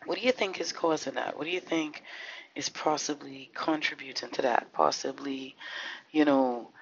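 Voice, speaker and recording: Male podcast host, gravelly and impassioned, heavy on rhetorical questions, dull lo-fi sound. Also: fairly high pitch, fairly even intonation, moderate pace. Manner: fervent, full of rhetorical questions, swears now and then. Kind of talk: impassioned social commentary monologue. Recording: slightly dull lo-fi recording.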